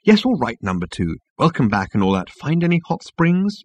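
A man's voice: fairly high pitch, wildly swooping pitch, a little fast, a little mellow, breathy edge, dry recording, lo-fi sound, pitched above the performer's own voice, full character voice. A man voicing a weary, despondent male captain who talks languidly.

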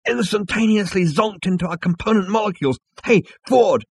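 A man reading a storybook and voicing a brash, excitable alien adventurer who talks loudly and boastfully in a raised voice. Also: fairly high pitch, normal speed, breathy edge, no room sound, pitched above the performer's own voice, heavily acted. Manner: loud, boastful and dogged.

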